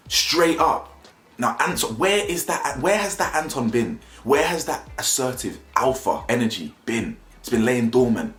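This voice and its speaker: A man's voice: medium pitch, animated, measured pace, a bit bright. A young man giving slangy, mocking casual commentary as a video reviewer, laughing often. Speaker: YouTube reviewer. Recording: roomy echo, faint music.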